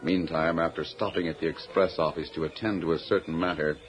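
A man narrating a radio drama in a steady, dramatic storytelling manner. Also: very deep voice, a little fast, rough recording. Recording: old radio recording with music.

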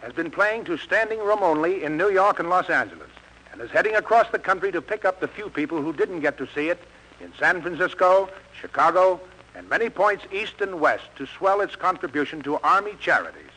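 A man's voice: high-pitched, expressive, brisk, bright, forceful tone, husky, low-quality recording. A man announcing on a 1940s radio show, polished and upbeat.

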